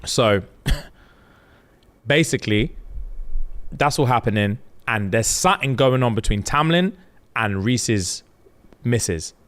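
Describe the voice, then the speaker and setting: A young man, casually retelling a book plot on a podcast with lively, animated delivery. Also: mid-range voice, slow pace, long pauses. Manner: animated storyteller, jumps into loud acted quotes. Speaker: podcast co-host. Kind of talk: casual chat, retelling a book with acted voices.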